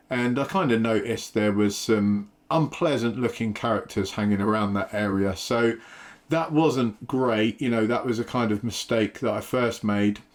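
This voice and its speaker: English man, fairly low voice, casual travel vlog, loose rambling delivery, lots of fillers. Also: normal speed. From England. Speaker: travel vlogger. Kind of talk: casual travel talk to camera.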